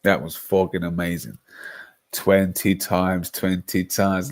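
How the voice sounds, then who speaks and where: Young guy, lowish voice, loose slangy livestream chat. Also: unhurried. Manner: rambling, animated storytelling with slang. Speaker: livestream host.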